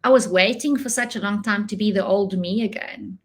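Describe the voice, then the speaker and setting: A woman's voice: mid-range voice, fairly quick. A South African woman in her forties with an Afrikaans first language, talking as a guest in a casual interview, reflective and laughing often. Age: 40s.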